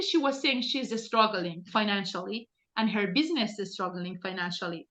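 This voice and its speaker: A woman's voice: medium pitch, expressive, moderate pace, hardly any pauses, pushed and bright. A woman team leader coaching her recruiters on a group video call, talking directly and insistently with many restarts.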